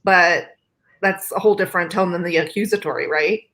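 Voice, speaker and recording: A woman hosting an interview, talking emphatically and telling lively stories. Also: lowish voice, a little fast. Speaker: host. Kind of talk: conversational interview.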